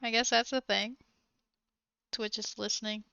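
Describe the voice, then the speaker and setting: Woman, live-stream chat, giggly and unsure, bright crisp voice, slow pace, muffled stream audio. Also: a little high, level tone, no room sound. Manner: hesitant, giggly, trails off with ums.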